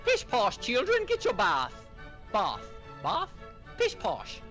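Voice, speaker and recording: Guy doing a high, sing-song posh nanny voice, slow and prim, a bit muffled. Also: wildly swooping pitch, bright, forceful tone, faint music behind, heavily acted. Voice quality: exaggerated fake English accent. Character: posh English nanny voice, man doing a fake accent.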